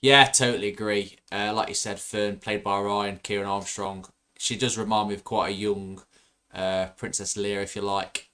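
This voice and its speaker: A man's voice: fairly low pitch, level tone, moderate pace, bright, forceful tone. A man co-hosting a casual fan podcast, talking eagerly with many fillers and restarts. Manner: enthusiastic, frequent fillers and restarts. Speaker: podcast co-host.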